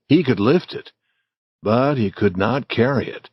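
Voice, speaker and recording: A man narrating an audiobook story for English learners in a slow, clear, deliberate reading. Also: mid-range voice, darkish tone, dry recording, clean studio sound.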